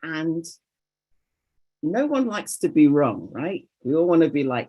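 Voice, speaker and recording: A woman's voice: low voice, very animated, a little slow, warm tone. A woman calling in to a group coaching call over video, candidly sharing a personal story and acting out her own inner voices.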